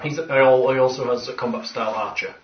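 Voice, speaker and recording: A man's voice: mid-range voice, fairly even intonation, quick pace. A man narrating as game master at a tabletop game, in a playful, theatrical way. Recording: roomy, distant, muffled, with background noise.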